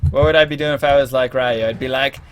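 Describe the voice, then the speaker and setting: A man live-streaming a game, joking, laughing a lot and yelling when excited. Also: medium pitch, quick pace, slight background noise.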